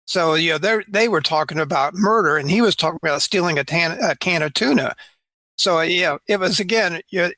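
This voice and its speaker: Bright dry-voiced middle-aged lawyer explaining. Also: male voice, a little high, no echo. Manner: explanatory, lawyerly, many "you know" fillers. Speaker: lawyer guest. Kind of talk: casual podcast chat.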